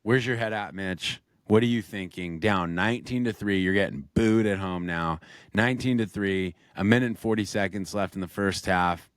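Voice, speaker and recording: A man's voice: fairly low pitch, moderate pace, dry recording, studio quality. A man co-hosting a casual sports podcast, walking through game scenarios step by step and putting questions to his co-host.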